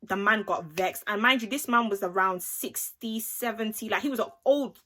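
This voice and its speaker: A young woman telling an animated, slangy story in a casual vlog, acting out the people she talks about. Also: mid-range voice, normal speed. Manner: animated, acts out the voices of the people in her story; slangy, chatty, with lots of "like" and "innit". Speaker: vlogger.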